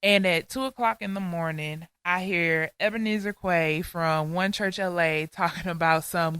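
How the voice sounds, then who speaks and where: Bright, crisp woman. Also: on the low side, normal speed, hardly any pauses, no room sound. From Georgia, US. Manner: earnest, heartfelt storytelling. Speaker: podcast co-host. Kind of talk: personal faith testimony.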